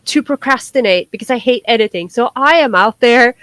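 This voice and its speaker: Chatty woman with a high voice. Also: brisk, a bit bright, no echo. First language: Norwegian. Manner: chatty, laughs readily, rambling restarts. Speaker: podcast co-host. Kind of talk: casual chat.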